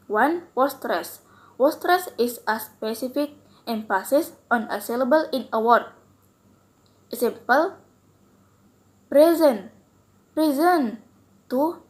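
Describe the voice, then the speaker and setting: Young woman student, slightly high voice, slow deliberate read-aloud presentation. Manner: careful, deliberate reading with pauses.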